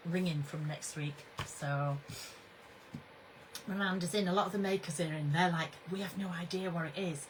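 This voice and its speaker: A woman's voice: on the high side, a little hiss or hum, poor audio. A woman hosting a casual livestream, chatty and bubbly, greeting her viewers by name. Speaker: craft brand owner hosting a livestream.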